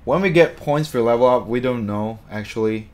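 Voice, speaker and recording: A man chatting casually on a live stream, reading out viewer comments in an excitable, talkative way. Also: mid-range voice, moderate pace.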